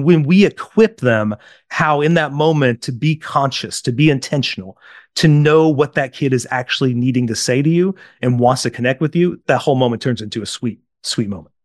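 A man with a fairly high voice, recorded dry and close, talks as a parenting coach in an interview. He tells anecdotes with animation, acts out the people in them and keeps checking in with his listener. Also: no room sound. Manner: animated storyteller, acts out quotes, keeps asking "right?". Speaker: parenting coach, podcast guest.

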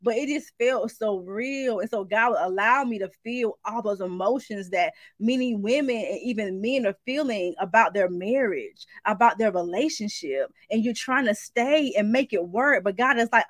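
Telling a prophetic dream in an informal spoken message, a Christian speaker who is an adult married mother narrates with animation and acts out each voice in quotes. She speaks in a mid-range voice at a moderate pace with few pauses, and there's no room sound.

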